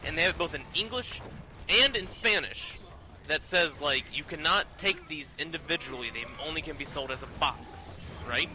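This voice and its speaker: Man, fairly high voice, rambling swear-heavy story time, noisy backdrop. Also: lively intonation, normal speed, sharp tone. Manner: profane rambling, many fillers.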